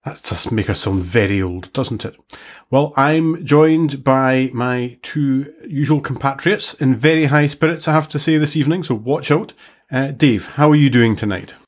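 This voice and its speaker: A man hosting a relaxed chat podcast, with a voice of ordinary middle pitch. He jokes easily and pokes fun at himself while leading the conversation. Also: normal speed. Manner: joking, self-mocking. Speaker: podcast host. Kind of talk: casual chat.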